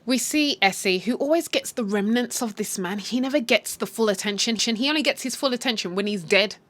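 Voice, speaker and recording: A young adult woman retelling a TV series in a casual, animated, slangy way. She swears freely and laughs along with her own commentary. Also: on the high side, brisk. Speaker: show recap host. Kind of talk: casual spoken story recap.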